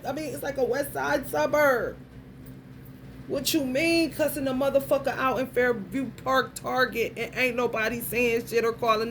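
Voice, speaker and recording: A woman's voice: sits high, a little hiss or hum. Crude, swearing woman ranting. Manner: blunt, crude, heavy swearing, streetwise slang. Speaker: vlogger. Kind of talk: profane stream-of-consciousness rant.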